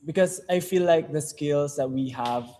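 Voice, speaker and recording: A man's voice: a little high, mellow, rough recording. A man with a Filipino accent, chatting earnestly on a livestream and stopping often to search for words. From Philippines. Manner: earnest, halting with many fillers. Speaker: music group member on a livestream. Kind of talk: casual chat.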